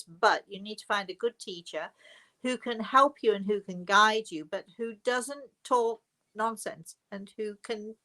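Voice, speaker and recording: Older woman host, mid-pitched, rambling live Q&A chat. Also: a bit bright. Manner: chatty, digressive, trailing into asides. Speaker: host, spiritual medium. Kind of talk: live question-and-answer talk.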